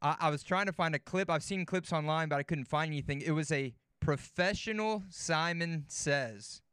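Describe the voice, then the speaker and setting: On a sports talk show, a guest swaps casual stories, laughing easily and repeating words in a relaxed manner. His slightly high voice moves at a moderate pace with a clean tone, recorded dry with clean studio sound.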